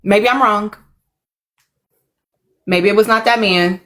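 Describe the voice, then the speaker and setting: A woman's voice: mid-range voice, slow, fairly bright tone. A woman hosting a live stream, chatting casually with viewers and apologizing as she looks for clips. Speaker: livestream host reacting to a reality show. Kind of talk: casual live reaction chat.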